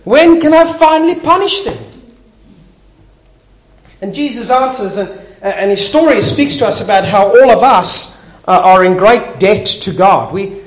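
Animated male preacher, echoey hall. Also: sits high, normal speed. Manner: animated storyteller acting out little scenes, with some restarts. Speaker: pastor. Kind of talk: sermon. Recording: echoey hall, faint noise.

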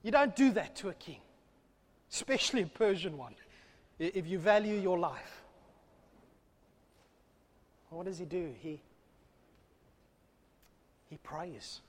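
A man preaching a sermon, swinging between loud, fervent calls and hushed, low asides. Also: animated, slow pace, long pauses, a little hiss or hum. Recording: long hall reverb.

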